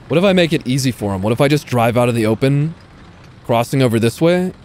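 A young man with a mid-range, darkish voice talks fast and expressively as a gaming YouTuber, giving casual, self-mocking live commentary on a tank game while swearing and talking to himself. Faint game gunfire and vehicle sounds run in the background.

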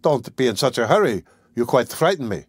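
A man's voice: big pitch swings, a little fast, slightly rough, no echo, clean studio sound. A male audiobook narrator voicing a talkative, cheerful peasant servant woman in a raised, teasing voice. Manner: chatty, teasing, higher-pitched.

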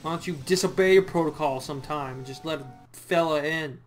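A man's voice: fairly high pitch, fairly quick. A young man giving goofy, sarcastic commentary while playing a video game and talking back to the characters. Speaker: let's play gamer. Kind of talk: casual gameplay commentary. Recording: commentary over game music.

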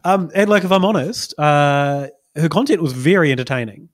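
A man's voice: a little high, normal speed. A man, a podcast host rambling through stories with small chuckles. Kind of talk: casual chat.

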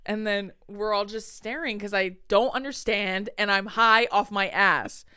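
A young woman co-hosting a podcast, telling a story in animated casual chat with swearing and laughter. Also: mid-range voice, a little slow, clear, resonant tone. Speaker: podcast co-host.

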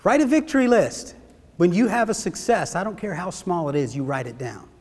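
A man giving a motivational seminar talk, energetic and asking his audience questions. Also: high-pitched, brisk, breathy edge. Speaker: motivational speaker. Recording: long hall reverb.

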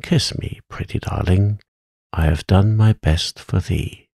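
Man playing a scheming old witch, coaxing, conspiratorial, deep, gravelly, unhurried. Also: mellow, no room sound, studio quality, full character voice.

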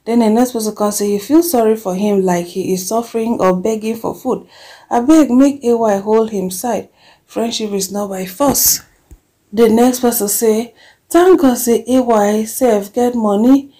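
A woman with a Nigerian accent, chatting about celebrity gossip and reading fan comments aloud with lively exclamations. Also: fairly high pitch.

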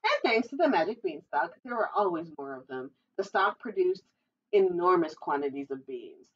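A librarian reading a children's storybook aloud, adding chatty, giggly asides. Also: female voice, on the low side, big pitch swings, moderate pace, husky. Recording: dull, distant recording.

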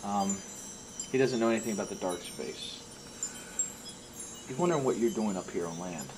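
A man narrating as game master in a tabletop role-playing game, describing events calmly and asking the players what they do. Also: moderate pace, background noise. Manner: calm, low-key narration that prompts the players.

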